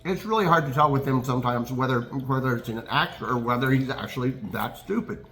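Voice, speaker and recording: A man co-hosting a casual political chat, speaking in a measured way with fillers and turning sarcastic. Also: mid-range voice, fairly bright tone, slight background noise. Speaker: podcast co-host.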